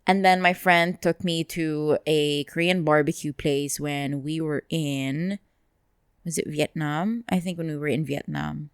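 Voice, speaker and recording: A woman's voice: sits low, steady tone, a little slow, clear, resonant tone, no room sound, studio quality. A woman co-hosting a podcast in casual chat, with many fillers and restarts. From Philippines. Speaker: podcast co-host.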